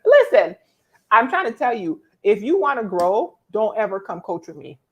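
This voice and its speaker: A woman, hosting a casual live-stream coaching talk, reading viewer comments and answering them in an expressive, preacherly way. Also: mid-range voice, moderate pace, muffled recording. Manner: expressive and preacherly, teasing viewers by name, emphatic repetition.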